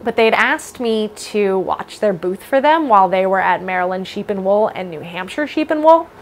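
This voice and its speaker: A woman's voice: medium pitch, lively intonation, normal speed, slight background noise. A woman hosting a casual podcast from home, chatting in a rambling, self-deprecating way. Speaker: podcast host. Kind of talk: casual chat. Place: home basement room with space heater.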